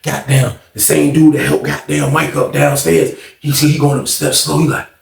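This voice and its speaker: A man telling a story casually, animated and profane, acting out scenes with sound effects. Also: fairly high pitch, normal speed, vocal fry, echoey room.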